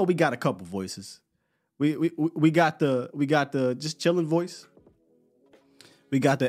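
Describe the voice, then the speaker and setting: A man's voice: on the high side, lively intonation, normal speed, darkish tone, soft background music. A man hosting a live podcast in casual chat, laid-back and slangy, often repeating words as he talks. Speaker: podcast host.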